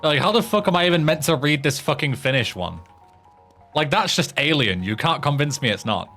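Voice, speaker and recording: A young British man with a British accent, his voice a little high, expressive, bright and forceful, talks a bit fast over faint background music. He's chatting casually on a gaming stream, swearing a lot as he stumbles through foreign tongue twisters.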